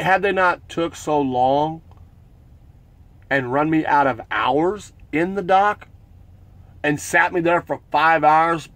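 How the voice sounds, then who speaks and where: A man's voice: a little high, no echo. A man who drives his own truck, casually retelling a run-in at a loading dock and acting out his protests. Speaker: owner-operator truck driver. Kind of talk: casual storytelling vlog.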